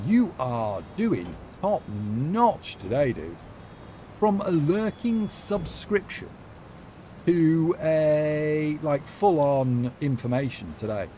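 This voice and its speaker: Male streamer, young, playful and sassy, warm low-key tone, lively pitch. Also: a little hiss or hum. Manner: playful, sassy, rambling with lots of fillers. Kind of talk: casual live-stream chat while gaming.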